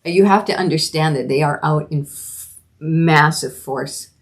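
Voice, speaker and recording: A woman's voice: low-pitched, measured pace. A middle-aged woman from Canada hosting a solo commentary podcast, talking earnestly and emphatically with frequent restarts. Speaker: podcast host.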